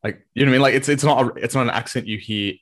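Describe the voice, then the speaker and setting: A man co-hosting a podcast, chatting casually in a rambling, relaxed way and laughing often. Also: mid-range voice, rapid-fire. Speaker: podcast co-host. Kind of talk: casual chat.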